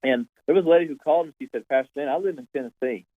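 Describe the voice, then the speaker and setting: A man, a pastor, telling an animated story in casual conversation, often repeating his words. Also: a little high, racing, no echo. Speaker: pastor, guest. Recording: tinny phone-like line, dry.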